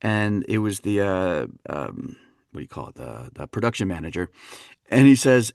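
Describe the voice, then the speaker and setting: A man from Wisconsin, a dialect coach, telling stories on a podcast in an animated, laughing way. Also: low-pitched, moderate pace, gravelly, no room sound, clean studio sound. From Wisconsin, USA. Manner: animated, laughing, fond of voicing characters. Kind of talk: anecdotal storytelling in a podcast interview.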